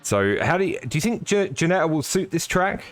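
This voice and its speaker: A man's voice: on the high side, sing-song, fairly quick. A man commentating live on a sim race, chatty and upbeat, greeting viewers by name.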